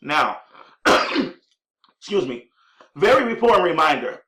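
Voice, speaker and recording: A man teaching network marketing conference-call skills with enthusiasm, often addressing listeners as ladies and gentlemen and acting out sample greetings. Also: on the high side, sing-song, unhurried. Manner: acts out sample call lines in an upbeat voice. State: clearing a scratchy throat. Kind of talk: instructional talk on running conference calls. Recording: echoey room.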